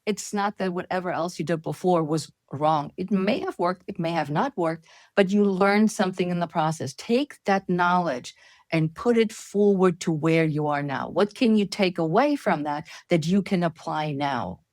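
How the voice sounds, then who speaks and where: A woman's voice: fairly low pitch, normal speed, darkish tone, dry recording. A woman fitness expert as an interview guest, speaking in an earnest, encouraging, coach-like way. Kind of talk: conversational interview.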